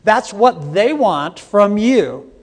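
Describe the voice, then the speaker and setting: A middle-aged man presents a live training seminar in a conference hall, joking with and quizzing his audience. His husky voice sits high with lively intonation, and he takes it slowly. The recording has a long hall reverb.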